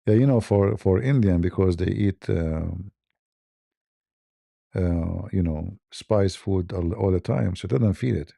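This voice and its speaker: Gravelly dark-voiced man chuckling through a story. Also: low voice, measured pace, no echo, studio quality. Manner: chuckling, broken English, many restarts. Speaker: host. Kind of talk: casual storytelling on a live stream.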